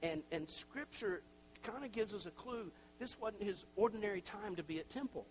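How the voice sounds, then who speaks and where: A middle-aged pastor preaches in a loose, conversational way, full of self-deprecating asides and little acted-out quotes. His voice sits a bit high for a man. A faint hum runs under the recording. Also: animated, normal speed, poor audio. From Tennessee. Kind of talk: sermon.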